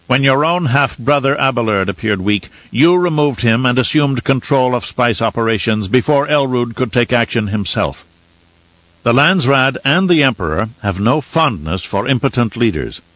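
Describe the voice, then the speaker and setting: A man voicing a calculating male envoy who speaks in a firm, measured manner, in a dull, dry recording. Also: mid-range voice, animated, fairly bright tone, no room sound, voice pushed up.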